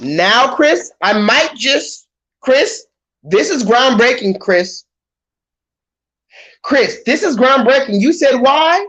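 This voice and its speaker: A man hosting a livestream, talking loudly and animatedly in a casual rant, often restarting his sentences. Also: very high voice, slow, pauses often. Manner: loud, animated, talks over himself with restarts. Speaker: livestream host. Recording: slightly dull lo-fi stream audio.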